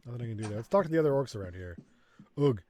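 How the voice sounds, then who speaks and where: A man's voice: medium pitch, lively intonation, very fast, darkish tone, a little hiss or hum. A man hosting a let's play, thinking aloud and reading game text in casual commentary.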